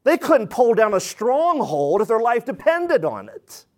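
A man preaching a sermon to his congregation, animated and folksy, jumping between loud bursts and low asides and slipping into quick voices to act out the people he talks about. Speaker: pastor.

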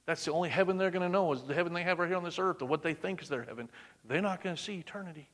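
A man preaching a sermon, swinging between loud emphatic bursts and hushed, near-whispered lines. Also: high-pitched, racing.

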